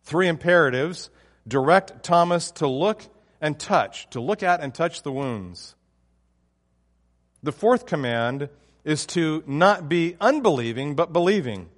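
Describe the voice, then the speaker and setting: A man's voice: on the high side, animated, measured pace, big-room sound. A man preaching a sermon, emphatic and often restarting his phrases. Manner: emphatic, with frequent restarts and fillers.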